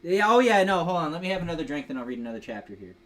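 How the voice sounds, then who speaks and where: A man's voice: on the high side, big pitch swings, rapid-fire, crowd noise. A young man hosting a casual livestream, rambling and joking while drinking, reading a fanfic aloud mockingly. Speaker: livestream host.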